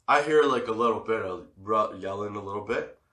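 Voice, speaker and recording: A man's voice: fairly low pitch, a little fast, pushed and bright. A man hosting a podcast, telling stories in a casual, profane way and laughing often. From Canada. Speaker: podcast host. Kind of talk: casual storytelling. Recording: roomy echo.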